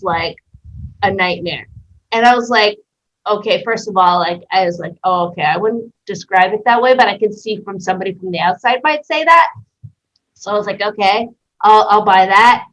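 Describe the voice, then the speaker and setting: A woman from Canada, a guest in a casual interview, telling a story in an animated way, acting out voices and swearing freely. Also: mid-range voice. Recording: dull lo-fi sound.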